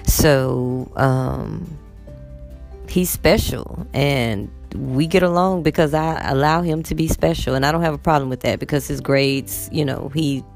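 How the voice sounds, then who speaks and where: Woman, teacher vlogger, low gravelly voice, animated chat. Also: measured pace, soft background music. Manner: chatty, animated storytelling with acted quotes of students. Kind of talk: casual vlog chat.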